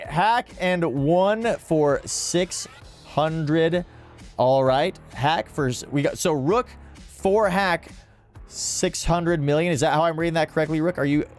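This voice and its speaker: Upbeat man calling live auction bids. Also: high voice. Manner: upbeat, calls bids in repeated rhythmic auctioneer phrases. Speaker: livestream host running a charity-style auction. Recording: music playing faintly behind. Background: faint background music.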